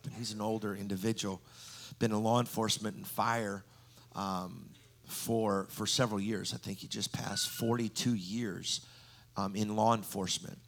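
A man's voice: on the low side, steady tone, normal speed, creaky, a bit bright. A man preaching a sermon, telling stories with frequent ums and restarts. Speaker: guest preacher.

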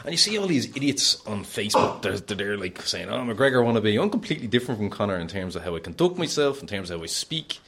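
Fast-talking deep-voiced Irish fighter. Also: male voice, very animated, fairly bright tone, husky. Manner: brash, boastful, laughing often. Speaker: fighter guest. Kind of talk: casual podcast chat.

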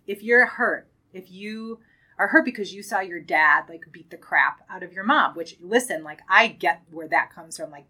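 A woman hosting a podcast, speaking earnestly and with real emphasis. Her voice is low-set but bright and forward, and she leans on casual fillers as she talks. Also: rough recording. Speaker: podcast host. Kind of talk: casual conversational talk.

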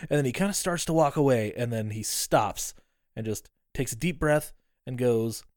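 A man's voice: medium pitch, moderate pace, dry recording, clean studio sound. A man co-hosting a podcast, casually recapping a movie, swearing freely and acting out the characters' lines. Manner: animated storytelling, acts out characters' lines. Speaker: podcast co-host.

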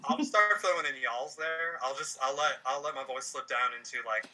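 A co-host with an Appalachian accent chatting casually in an animated, expressive way, with lots of "like". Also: mid-range voice, moderate pace, low-quality recording. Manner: animated and expressive, frequent "like" fillers. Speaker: podcast co-host. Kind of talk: casual chat.

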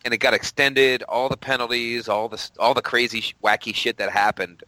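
A man's voice: medium pitch, fairly even intonation, a little fast, bright, forceful tone, no room sound, low-quality recording. A man co-hosting a casual sports podcast, venting with casual swearing. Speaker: podcast co-host.

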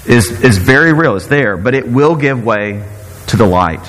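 Male preacher, earnest sermon, halting delivery with repeated words, mid-pitched voice, long hall reverb. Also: animated, a bit bright.

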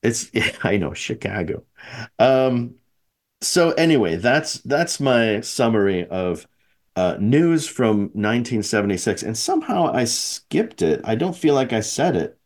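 A man's voice: medium pitch, sing-song, measured pace. A man hosting a podcast in casual chat, rambling and correcting himself with frequent chuckles. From American Midwest. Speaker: podcast host.

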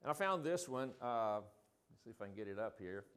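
An older man leading an informal group Bible study, rambling with many ums and restarts and reading quotations slowly. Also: medium pitch, animated, fairly bright tone, clear, resonant tone.

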